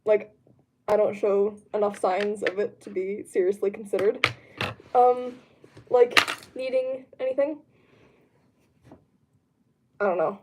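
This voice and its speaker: A woman's voice: mid-range voice, steady tone, takes it slowly, pauses often, heavy background noise. A young woman talks casually from her room while answering a live chat. She rambles and fills gaps with lots of ums, now and then breaking into a laugh. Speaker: streamer. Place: home room.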